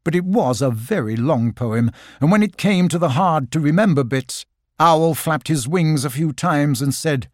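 A man narrating a children's storybook with a lively, expressive reading. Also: a little high, moderate pace, dry recording, studio quality.

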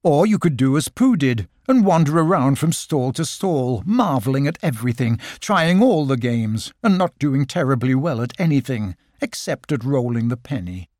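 A man narrating a children's storybook with a lively, expressive reading. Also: medium pitch, normal speed, few pauses, no room sound, clean studio sound.

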